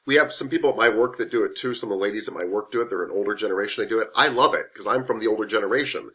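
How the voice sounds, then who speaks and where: Man, instructor, frank classroom lecture, lowish pitch, tense bright tone. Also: very fast. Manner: frank, conversational, repeats key points. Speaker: massage therapy instructor.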